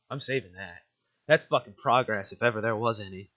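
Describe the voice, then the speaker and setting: A man's voice: fairly low pitch, a little fast, sharp tone, dull audio. A man giving casual, jokey, profane commentary while playing a video game. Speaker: let's play gamer.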